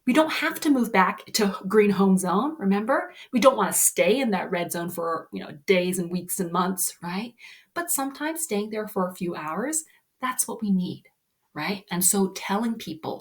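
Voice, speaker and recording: Gentle woman coaching kids. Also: medium pitch, animated, moderate pace. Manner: gentle, reassuring, often ending with "right?". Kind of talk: explaining lesson to children.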